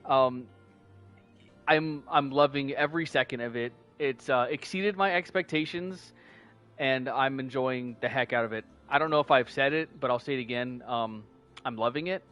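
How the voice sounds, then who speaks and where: A man streams a video game and chats loosely with viewers, full of fillers and restarts. His voice sits at a middle pitch, and soft game music plays underneath. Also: moderate pace. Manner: chatty, rambling, many fillers and restarts. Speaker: gaming streamer. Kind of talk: casual let's-play commentary.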